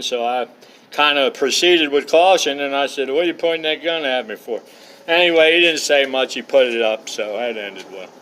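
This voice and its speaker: A man's voice: on the high side, fairly bright tone, slight background noise, rough recording. A middle-aged man vlogging from a campsite, telling rambling personal stories in a colloquial way, full of uhs and asides. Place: outdoors at a campsite.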